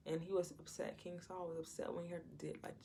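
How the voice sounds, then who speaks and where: Low, gravelly woman preaching casually. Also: little pitch movement, quick pace, mellow, a little hiss or hum. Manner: conversational, retells scripture with acted-out quotes. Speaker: Christian preacher. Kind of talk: informal Bible teaching.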